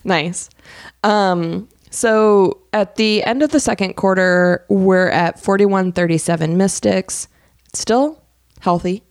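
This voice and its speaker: A woman's voice: mid-range voice, takes it slowly, dry recording, clean studio sound. A woman co-hosting a podcast, chatting casually and animatedly about a basketball game she watched, laughing often. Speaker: podcast co-host.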